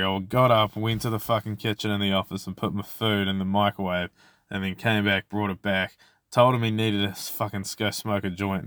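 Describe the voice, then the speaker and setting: Low-voiced guy ranting. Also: a bit bright, dry recording, clean studio sound. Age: 20s. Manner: profane, rambling, exasperated venting. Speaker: podcast host. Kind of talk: casual solo podcast rant.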